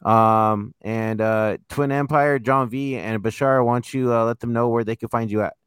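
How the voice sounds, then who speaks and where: A man with a smooth, even-toned voice hosts with easy calm, thanking the guests and handing out the sign-offs. The sound is dry and close, with no room in it. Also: mid-range voice, moderate pace, dry recording. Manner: laid-back, wraps up the show. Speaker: host. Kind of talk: casual chat.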